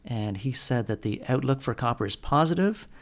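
A man with a gravelly, fry-edged voice runs through metal prices and market news in a loose, conversational way. He pauses often with fillers and restarts, and his voice sits at a middling pitch. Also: lively intonation. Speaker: podcast host. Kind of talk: casual market commentary.

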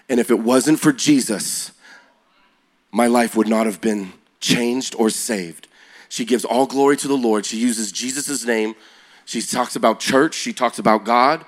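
A man preaching to young people, telling stories with rising energy and shifting to a slow, quiet prayer. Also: medium pitch. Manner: energetic, builds to loud excited peaks; slow and quiet when praying. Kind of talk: sermon storytelling.

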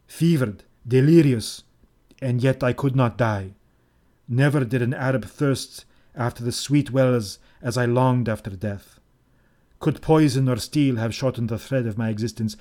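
A man reads a first-person tale aloud in a measured, solemn way. His voice sits at an ordinary middle pitch, and he delivers each sentence as carefully paced scripted narration. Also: mellow. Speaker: audiobook narrator.

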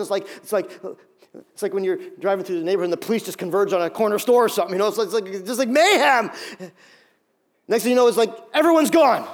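Middle-aged guy preaching, high voice, acts out the scenes. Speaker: pastor. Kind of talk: animated sermon.

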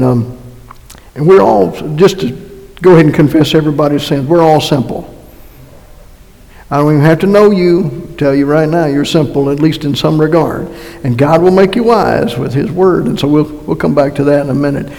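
Folksy preacher with a Massachusetts accent. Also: male voice, on the high side, moderate pace, gravelly, dark tone. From North Carolina. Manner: folksy, joking asides, many restarts. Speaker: pastor. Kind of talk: conversational sermon. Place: church sanctuary. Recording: long reverb of a church hall.

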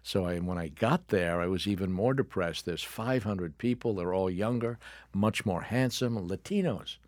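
Man, older, very deep voice, wry animated storyteller, dry close studio sound. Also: normal speed, no room sound. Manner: wry, animated anecdote telling. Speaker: guest, actor and author. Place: radio studio.

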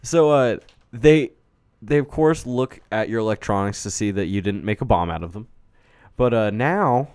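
A man's voice: lowish voice, animated, normal speed, a little mellow, clean tone, no echo. A young man co-hosting a podcast, chatting casually with loose, profane, joking storytelling. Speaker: podcast co-host. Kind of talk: casual chat.

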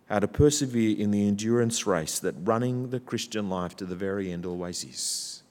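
A man's voice: on the low side, lively intonation, normal speed. Male preacher, rousing sermon delivery, long church reverb. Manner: builds from quiet to loud, rousing.

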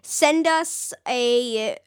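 A woman's voice: on the high side, extremely slow, smooth, dry recording, studio quality. A young woman co-hosting a podcast in casual chat, bubbly and rambling with giggles. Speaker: podcast co-host.

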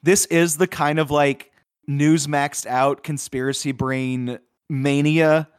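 A man's voice: fairly high pitch, steady tone, slow pace, clean tone, dry recording, clean studio sound. A man co-hosting a podcast, reviewing films in a loose, chatty way with lots of filler words. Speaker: podcast co-host. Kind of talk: casual film review chat.

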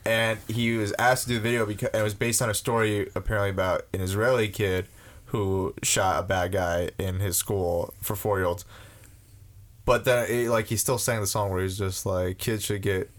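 Low-voiced rambling male explainer. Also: steady tone, moderate pace. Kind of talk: casual chat.

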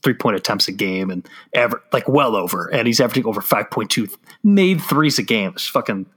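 A bright, forward male voice chatting loosely on a sports betting podcast. He swears often, drops in quick asides and keeps things casual. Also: fairly low pitch, expressive, breathy edge. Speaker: podcast host.

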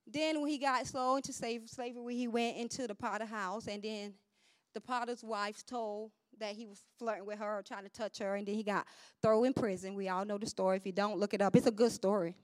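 A woman preaching a fervent sermon, swinging from loud shouted declarations down to low murmured asides, calling on the congregation to answer. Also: fairly even intonation, a little fast, dry recording, clean studio sound.

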